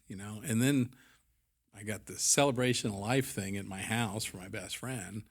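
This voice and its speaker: A man's voice: fairly low pitch, normal speed, creaky. A man in his forties, a podcast guest and business owner, telling his story candidly in a rambling, blunt and profane way, full of fillers.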